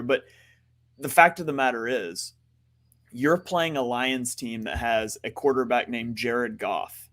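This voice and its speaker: A man's voice: mid-range voice, fairly bright tone. A man co-hosting a sports podcast, telling a story with self-deprecating humor and then bluntly breaking down a defensive game plan. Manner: blunt, emphatic, quick football analysis. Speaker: podcast co-host. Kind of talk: casual sports talk.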